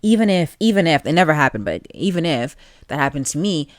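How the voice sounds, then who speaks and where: A podcast host giving opinionated, animated solo commentary and talking straight to the listeners. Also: mid-range voice, fast talker, dry recording, studio quality.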